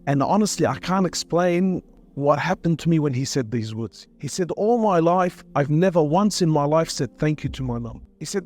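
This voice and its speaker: A man's voice: fairly high pitch, lively intonation, moderate pace, a little mellow. A man giving an earnest, emotional sermon-style talk, repeating phrases for emphasis. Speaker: Muslim speaker.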